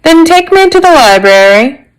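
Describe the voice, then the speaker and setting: A brusque male police inspector from a storybook, acted by a woman reader. He speaks slowly and pompously, lines rising grandly. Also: high voice, big pitch swings, pitched above the performer's own voice.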